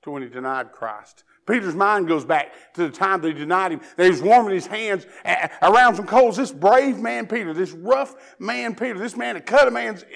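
A preacher from Tennessee with a Southern drawl and a high voice. He drops to a hushed, prayerful murmur, then climbs into loud, fervent preaching. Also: gravelly. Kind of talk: sermon.

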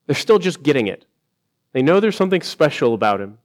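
Brief: male pastor, sermon delivery, slightly raised pitch, earnest and deliberate. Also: sing-song. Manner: earnest preaching, slowing for emphasis and rising when quoting.

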